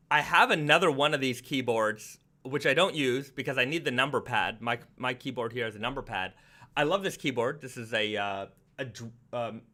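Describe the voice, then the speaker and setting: Male livestream host, casual home chat, bright timbre, mid pitch, rambling restarts. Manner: chatty, repeats words and restarts often. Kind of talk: casual live stream chat.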